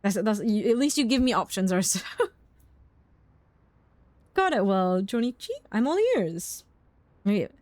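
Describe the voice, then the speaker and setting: A woman's voice: medium pitch, lively intonation, unhurried, pauses often, darkish tone, dry recording. Giggly young woman streamer. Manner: giggly, playful, reacting to chat. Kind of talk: casual live-stream chat.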